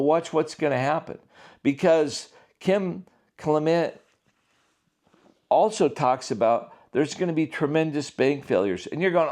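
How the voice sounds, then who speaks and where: A man's voice: medium pitch, darkish tone. A man, an author, speaking casually and emphatically in an unscripted monologue. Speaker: author and prophecy commentator.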